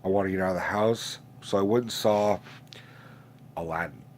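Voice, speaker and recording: A man's voice: low-pitched, moderate pace, a little mellow, a little hiss or hum. A man in his late twenties who sounds stuffed up from a sinus infection, hosting a casual, profane, rambling rant with many restarts. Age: late 20s. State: congested, stuffed-up nose. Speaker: host.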